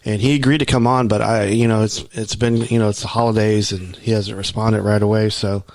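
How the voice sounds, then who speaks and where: A man's voice: lowish voice, level tone, fairly quick, darkish tone, dry recording. A man with a Texan accent co-hosting a podcast, chatting casually and rambling with lots of fillers. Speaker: podcast co-host. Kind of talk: casual chat.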